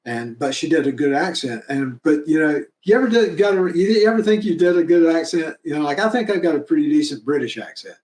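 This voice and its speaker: A man's voice: fairly high pitch, a little fast, hardly any pauses, a little mellow. Chatty man in an echoey room. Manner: enthusiastic, rambling, laughs often. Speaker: fan film producer. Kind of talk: casual interview chat. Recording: roomy echo.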